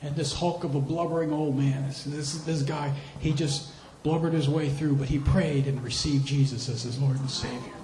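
A man's voice: on the high side, steady tone, moderate pace, few pauses, a little mellow, roomy sound, rough recording. A man preaching a sermon as a missionary, telling stories with animation and repeating phrases for emphasis. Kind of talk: sermon with storytelling.

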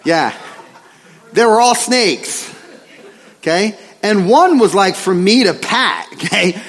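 A middle-aged pastor preaches slowly, telling animated, joking stories and checking in with "right?" along the way. His high voice has a breathy edge and swings widely in pitch. A long reverb lingers in the church sanctuary.

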